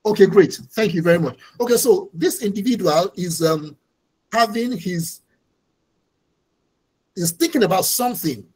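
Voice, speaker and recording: An instructor teaches a class over a video call. The voice is a little husky, and the delivery is patient and explanatory, often going back over the key points. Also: mid-range voice, darkish tone, low-quality recording. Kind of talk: online training lecture.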